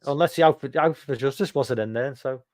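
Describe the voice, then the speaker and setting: A man chats casually as host, blunt and quick to swear and joke. His voice sits mid-range. The sound is dry and close. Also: medium pitch, darkish tone, no room sound. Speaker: podcast host. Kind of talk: casual chat.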